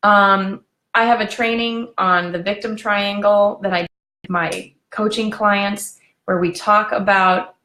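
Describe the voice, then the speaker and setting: A woman coaching on relationships in a live video session, talking in a chatty, animated way and laughing as she goes. Her voice sits at a middle pitch. The room around her is echoey, as on a webcam or phone stream. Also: measured pace.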